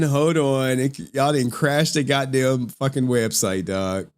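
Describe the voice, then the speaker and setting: A young man streaming live, chatting casually with slang and cursing, breaking into laughter often. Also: mid-range voice. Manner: laughs often, slangy and profane, slow drawl.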